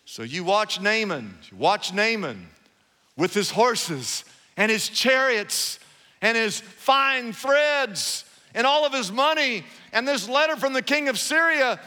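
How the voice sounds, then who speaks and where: A high-pitched, bright-toned male preacher delivering an animated sermon. He retells Bible stories with lively repetition, and his voice rings out in a large hall with a long, lingering echo. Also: slow. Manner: animated storytelling, acting out Bible characters with repeated phrases. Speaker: pastor.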